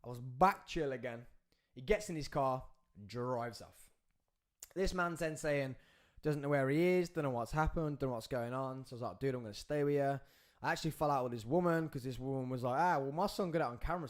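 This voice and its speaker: A man, hosting a podcast and telling a story in an animated, excitable way, with big swings in pitch and loudness as he acts out the scenes. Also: fairly quick. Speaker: podcast host.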